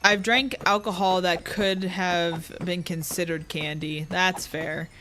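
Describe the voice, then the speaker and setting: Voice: mid-range voice, fairly even intonation, slow, background noise. A streamer chatting casually while playing, blunt and swearing freely as they talk to chat.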